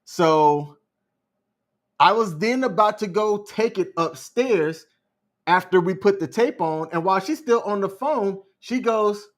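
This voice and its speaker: A man co-hosting a podcast, telling a story in a calm, measured, unhurried way. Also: high-pitched. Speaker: podcast co-host. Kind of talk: casual storytelling chat.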